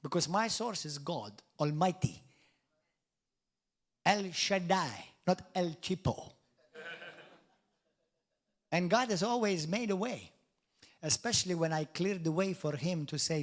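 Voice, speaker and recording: A middle-aged man preaching a sermon with emphatic swings in loudness, dropping in jokey asides. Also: high-pitched, animated, measured pace, pauses often. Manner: jokey asides and mock quotes of doubters. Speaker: pastor.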